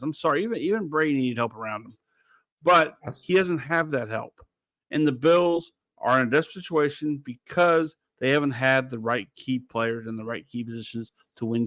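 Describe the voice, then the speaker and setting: A man running a casual sports radio show, opinionated and rambling, swearing now and then. His voice sits a touch high for a man. The studio sound is dry and close. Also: a bit bright, no room sound. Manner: blunt, rambling, swears freely.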